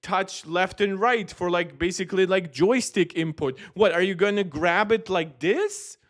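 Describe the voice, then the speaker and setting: Guy streamer with a pretty high voice arguing back at a tech video, dismissive, keeps butting in. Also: a little slow, fairly bright tone. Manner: argumentative, interrupting, dismissive. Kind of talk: live-stream reaction commentary.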